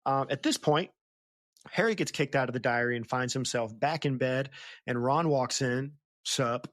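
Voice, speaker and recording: A woman's voice: very deep voice, normal speed, no echo, studio quality. A woman hosting a casual book-club podcast, recapping chapters in a chatty, laughing way. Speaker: podcast host.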